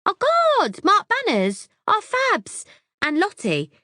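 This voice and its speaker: A woman reading an audiobook, putting on the voice of a bubbly, airheaded young woman flatmate who talks high and gushing. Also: slow, dry recording, clean studio sound, heavily acted.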